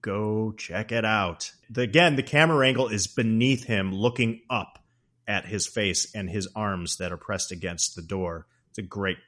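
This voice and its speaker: A man hosting a podcast, casually discussing a film with animated storytelling. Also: fairly low pitch, normal speed. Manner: animated storytelling, acts out quotes. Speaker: podcast host.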